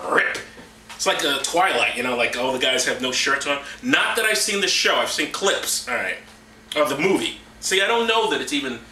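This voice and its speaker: Guy snarking through bible verses, bouncy pitch, echoey room, mic kinda far. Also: bright, forceful tone, a little hiss or hum. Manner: mocking, jumps into silly high voices for characters. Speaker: comedy vlogger. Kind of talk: sarcastic bible reading commentary.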